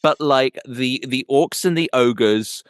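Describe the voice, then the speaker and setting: A man hosting a podcast interview, telling stories with playful, animated energy. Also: mid-range voice, slow, clear, resonant tone, dry recording, studio quality. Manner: animated storyteller, slips into playful impressions. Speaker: podcast host. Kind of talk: casual interview chat.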